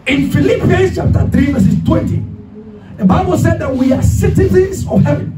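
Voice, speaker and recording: A man's voice: very high-pitched, expressive, unhurried, very noisy. A man preaching a sermon as pastor, emphatic and calling the congregation to repeat after him. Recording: echoey hall, distant mic, music behind.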